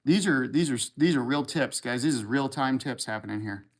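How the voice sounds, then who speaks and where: A man's voice: mid-range voice, fairly quick. Joking, rambling male livestreamer. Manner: joking, crude, rambling banter with viewers. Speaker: livestream host. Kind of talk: casual livestream chat, reading comments.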